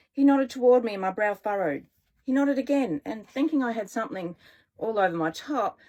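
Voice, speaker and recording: A woman's voice: medium pitch, a little mellow. Woman reading her own romance novel. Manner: chatty, with self-corrections and asides to listeners. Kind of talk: first-person romance reading.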